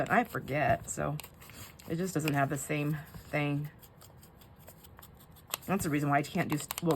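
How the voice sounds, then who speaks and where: An older woman with a fairly low voice talks casually to her viewers while she crafts. She rambles and gets sidetracked, emotional at heart. A light background hiss sits under her voice. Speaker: crafting vlogger.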